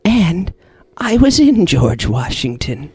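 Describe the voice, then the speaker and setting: Dude doing a slow creepy spirit voice, draggy and eerie, kinda high. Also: male voice, very animated, a little mellow, breathy edge, no echo, heavily acted. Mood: sinister. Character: slow, creepy male spirit possessing people.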